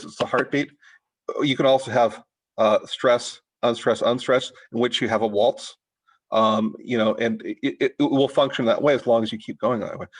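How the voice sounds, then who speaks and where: Middle-aged guy teaching a writing class, stops and restarts a lot, lots of uhs, normal pitch. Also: low-quality recording. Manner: halting, many restarts and fillers. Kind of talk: informal workshop talk.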